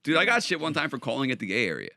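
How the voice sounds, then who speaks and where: A young adult man hosting a podcast, animated and quick to laugh in casual chat. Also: mid-range voice, gravelly, dry recording, studio quality. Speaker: podcast host.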